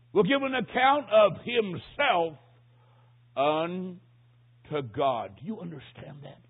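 A man preaching a sermon, telling a story dramatically and swinging between hushed and loud delivery. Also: fairly high pitch, breathy edge. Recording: tinny phone-like lo-fi recording.

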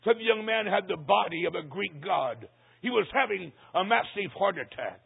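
An older man, a pastor, telling a story in a dramatic sermon, swinging from hushed to loud. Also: sits high, expressive, moderate pace, creaky, slightly rough. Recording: tinny phone-like recording.

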